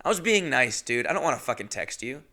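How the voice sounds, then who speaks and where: A young adult man hosts his podcast and tells a comic story on his own, his voice bright and edged with gravel. He rants indignantly and jumps into squeaky mock voices to quote people, his pitch swinging widely all the time. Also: quick pace. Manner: animated, indignant, mimics voices in exaggerated high pitch. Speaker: podcast host. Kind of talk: solo comedic storytelling.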